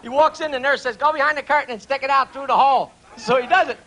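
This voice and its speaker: A man's voice: very high voice, fast, sharp tone. A man on a club stage firing off dirty jokes, chuckling at his own punchlines. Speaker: stand-up comedian. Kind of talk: rapid-fire dirty jokes.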